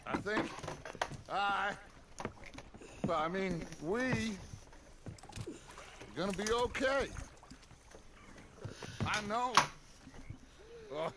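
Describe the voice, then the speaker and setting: An actor playing a weary outlaw father, gently reassuring his family, in a video game. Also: sits high, lively intonation, extremely slow, pauses often, heavily acted. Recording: game audio with heavy noise.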